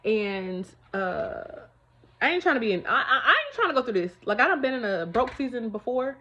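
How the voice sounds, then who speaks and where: A fairly high-voiced woman talks straight to her viewers at home, chatty and emphatic as she shares her faith. Her sound is dull and lo-fi, like a home video. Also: lively intonation, fairly quick, fairly bright tone, a little hiss or hum. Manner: chatty, emphatic, keeps calling viewers y'all. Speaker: vlogger. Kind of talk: casual faith testimony to viewers.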